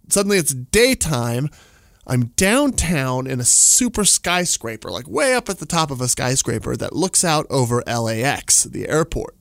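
A man's voice: medium pitch, big pitch swings, normal speed, creaky, no echo. Rambling forty-something man, dry studio sound. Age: 40s. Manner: rambling, full of "like" and chuckles. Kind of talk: casual storytelling monologue.

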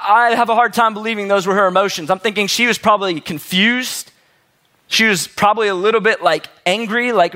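A man's voice: high-pitched, a little fast, sharp tone. A man preaching a sermon as a pastor, telling the story in a casual, conversational way.

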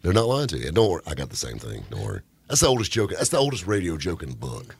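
Joking radio host, husky voice. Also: male voice, low voice, fast talker. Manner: joking, boisterous, lively banter. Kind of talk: casual studio radio chat. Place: radio studio.

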